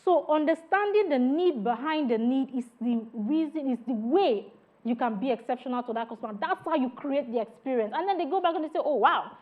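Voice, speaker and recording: A woman's voice: high-pitched, animated, fairly quick. A woman giving a customer service training lecture, speaking emphatically, showing tones by example and talking straight to her trainees. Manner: addresses trainees directly. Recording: narrow phone-like sound.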